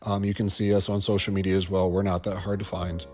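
A man's voice: low-pitched, little pitch movement, quick pace, a little mellow, faint music behind. A man guest-hosting a podcast, rambling through a scene-by-scene movie commentary with stammers, restarts and wry asides. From Ohio.

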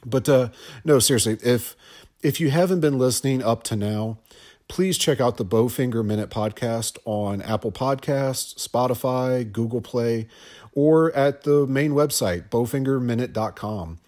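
A man talks through a movie scene on a casual podcast, taking his time and tripping over restarts along the way. His voice sits at an ordinary middle pitch. He drops in dry little jokes as he goes. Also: unhurried, a little mellow. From Ohio. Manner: rambling, stammers and restarts, wry asides. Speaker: guest podcast host.

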